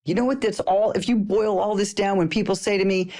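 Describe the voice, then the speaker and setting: A middle-aged woman teaching a personal development course, talking in a playful, animated way and laughing often. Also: medium pitch, brisk, hardly any pauses. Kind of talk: casual spoken lesson to listeners.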